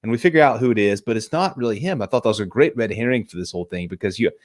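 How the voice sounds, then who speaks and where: Man, lower voice, casual movie review chat, excitable, swears, stumbles over restarts. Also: very fast.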